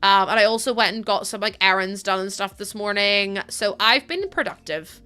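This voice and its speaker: A woman's voice: mid-range voice, normal speed, sharp tone, clear, resonant tone, soft background music. A woman, chatting casually on a live stream as she builds in a game, tired from little sleep and rambling with fillers and laughs.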